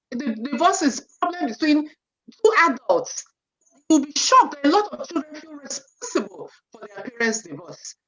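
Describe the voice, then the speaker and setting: A woman in her forties giving an animated parenting talk at a seminar, often saying "you know" and acting out what parents and children say. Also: sits high. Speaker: seminar speaker. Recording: dull lo-fi sound.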